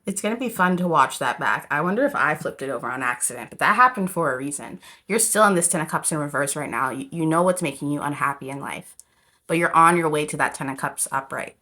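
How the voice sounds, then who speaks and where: A woman's voice: low voice, expressive, quick pace, bright, forceful tone. A woman giving a casual, rambling tarot reading to camera, talking straight to her viewers. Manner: chatty, rambling, addresses viewers as "you guys". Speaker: tarot reader.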